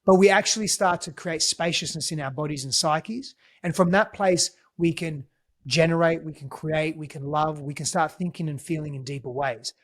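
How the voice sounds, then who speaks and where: Calm, earnest man coaching. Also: on the high side, moderate pace. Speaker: relationship coach guest. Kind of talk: reflective podcast conversation.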